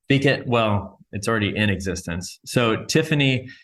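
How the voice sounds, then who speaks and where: Joking low-voiced male podcast host. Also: lively intonation, normal speed, fairly bright tone. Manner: joking, self-deprecating. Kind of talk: casual podcast chat.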